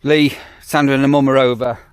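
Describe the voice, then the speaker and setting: A man's voice: mid-range voice, little pitch movement, a little fast, clean tone, no echo. A man, a campsite warden chatting casually in a rambling vlog with wry asides. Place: on the move, outdoors and in a car.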